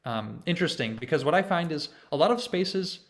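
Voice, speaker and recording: A man's voice: on the high side, animated, fairly quick, fairly bright tone. A young man in his twenties giving a conversational online presentation to a choir over a video call, explaining church music and leading chants. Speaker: conducting student presenting to a choir.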